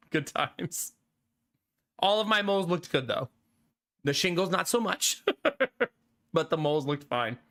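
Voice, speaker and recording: Man, streamer, high-pitched, bright tone, laid-back chatty manner, laughs a lot. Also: expressive, takes it slowly, long pauses. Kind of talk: casual chat with live viewers.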